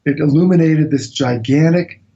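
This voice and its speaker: A man with a somewhat high voice tells a jungle tale as a guest on a radio show. He tells it as a lively anecdote and slips into other people's lines as he goes. The sound comes through a dull, lo-fi line. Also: moderate pace. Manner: animated anecdotal storytelling, acts out quotes. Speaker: guest author recounting an expedition. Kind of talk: storytelling in a radio interview.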